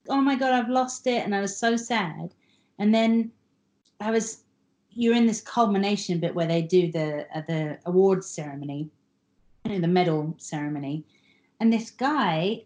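Animated woman telling a story. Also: fairly low pitch. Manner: animated, swears casually, acts out quotes. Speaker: podcast guest. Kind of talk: casual storytelling.

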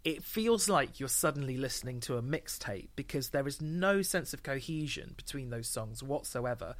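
A man's voice: mid-range voice, animated, normal speed, fairly bright tone. A man on a podcast, casually chatting about an album with dry, sweary humour and laughter. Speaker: podcast co-host. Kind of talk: casual chat reviewing an album.

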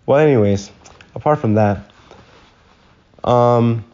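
A man's voice: medium pitch, slow, darkish tone, dull audio. Slangy young man rambling through a story. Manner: rambling, swears freely, loose slangy talk. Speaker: podcast host. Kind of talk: casual solo storytelling.

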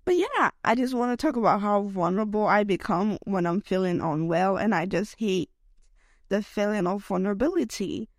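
A woman's voice: medium pitch, expressive, normal speed, dry recording, studio quality. Unwell young woman rambling on a podcast. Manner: rambling and emotional, lots of "like" and "okay?". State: unwell, voice affected by illness. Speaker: podcast host. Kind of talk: solo podcast rant.

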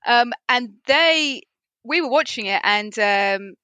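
Woman, bright forceful voice, animated storyteller, laughs often, dry close sound. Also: fairly high pitch, slow, no echo. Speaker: podcast panelist. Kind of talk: casual chat.

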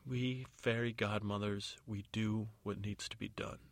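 A flustered fairy godmother, played by a man, keeps tripping over her words in a bedtime storybook reading. The voice sits a little higher than his own, with a gravelly texture. The sound is dry and close. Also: steady tone, unhurried, dry recording. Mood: hesitant. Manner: stammering, hesitant.

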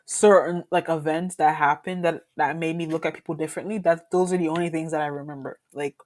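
A young woman co-hosting a podcast, telling a school story in a casual, animated way and laughing as she acts out what people said. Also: low voice, fairly quick. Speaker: podcast co-host.

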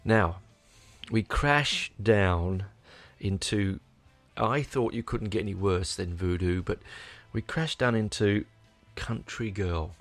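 Gravelly man rambling about records. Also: fairly low pitch, unhurried, soft background music. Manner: rambling, sweary, enthusiastic with restarts. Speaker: album reviewer. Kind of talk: casual spoken album review.

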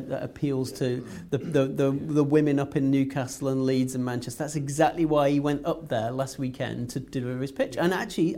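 A man's voice: mid-range voice, mellow. A man discussing politics in a casual panel chat, talking fluently with frequent restarts. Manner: fluent, repeats words when restarting. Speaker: political commentator.

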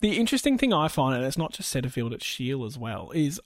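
A man co-hosting a casual football podcast, relaxed and trailing off softly at the ends of lines. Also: mid-range voice, quick pace, dry recording, studio quality. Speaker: podcast co-host. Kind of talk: casual sports chat.

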